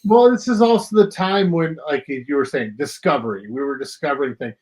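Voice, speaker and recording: A man's voice: a little high, a little fast, a little mellow. Reflective man rambling on a podcast. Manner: rambling, reflective, hedging with fillers. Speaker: podcast co-host. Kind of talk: casual chat.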